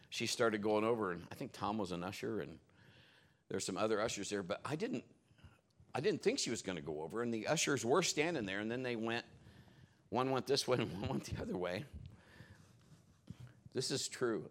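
A male pastor preaching a sermon at a church service, telling animated stories and laughing along the way. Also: fairly low pitch. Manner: animated storytelling, laughing, exclamatory.

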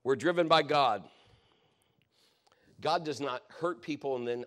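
A man's voice: mid-range voice, animated, unhurried, pauses often. Guy preaching a long story from the pulpit, chatty and rambling, keeps fixing his words. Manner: rambling, self-correcting, conversational storytelling. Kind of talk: sermon testimony storytelling.

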